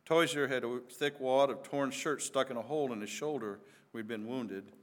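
A man narrating a battle story with vivid, emphatic storytelling. His voice sits in an ordinary middle pitch, and he builds drama as he goes. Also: normal speed.

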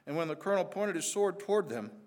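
A man's voice: high voice, lively intonation, quick pace. A man narrating a dramatic historical battle story with vivid, emphatic delivery.

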